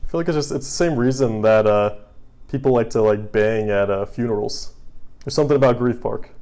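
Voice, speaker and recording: Male co-host, warm dark tone, relaxed, joking delivery. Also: fairly low pitch, fairly quick. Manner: laid-back, joking, filler-heavy. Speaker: podcast co-host. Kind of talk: casual movie chat.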